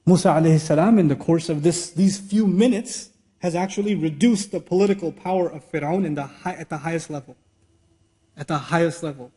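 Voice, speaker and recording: A male teacher gives an animated religious lecture. He keeps asking rhetorical questions and acts out little exchanges. His voice sits notably high for a man. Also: brisk. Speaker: Islamic teacher. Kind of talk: lecture sermon.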